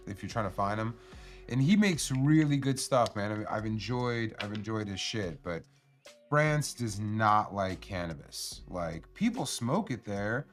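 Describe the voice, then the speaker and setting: A man hosting a laid-back live stream chats to his viewers in rambling, profane slang. His voice sits at an ordinary middle pitch. Faint music plays in the background. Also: fairly bright tone. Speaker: cannabis stream host. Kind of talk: casual live-stream chat.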